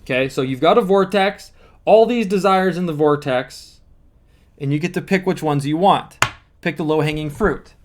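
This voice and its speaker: A man's voice: fairly high pitch, moderate pace. A man speaking as a manifesting coach, explaining step by step in an earnest teaching monologue with repeated emphasis.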